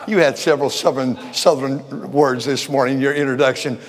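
An older man preaching a folksy sermon, repeating words and swinging from shouts to quiet talk. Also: mid-range voice, fairly even intonation, a little fast, hardly any pauses. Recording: long hall reverb.

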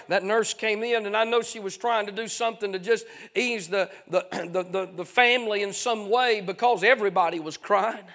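A man preaching a fiery revival sermon, chanting his phrases with frequent "uh" fillers and swinging between shouted passages and hushed stretches. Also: sits high, normal speed, hardly any pauses.

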